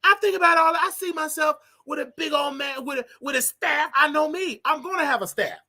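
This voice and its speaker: A man hosting a casual livestream, talking straight to his viewers in an animated, repetitive way with preachy asides. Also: very high voice, brisk. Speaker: livestream show host.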